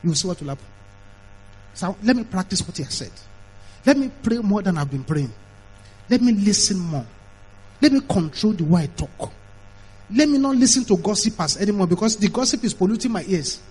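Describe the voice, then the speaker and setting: A man preaches in a high, husky voice, hammering home his points by repeating them. His sermon is animated, and he slips into mimicked voices along the way. He sounds middle-aged. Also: fairly quick, pauses often, low-quality recording. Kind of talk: emphatic sermon.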